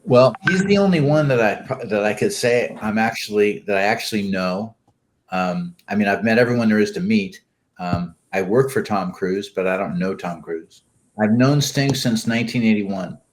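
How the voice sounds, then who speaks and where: Older man with a low, halting voice. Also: animated. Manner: rambling, halting, many restarts and fillers. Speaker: guest. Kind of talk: casual interview talk.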